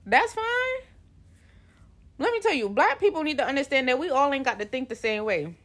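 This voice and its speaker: A woman's voice: sits high, very animated, fast. Blunt, swearing podcast co-host woman. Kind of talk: casual chat.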